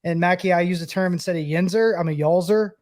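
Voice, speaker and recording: A man's voice: sits high, quick pace, a little mellow. A man from the Southeastern US co-hosting a casual podcast as a former baseball player, speaking in an earnest, enthusiastic way.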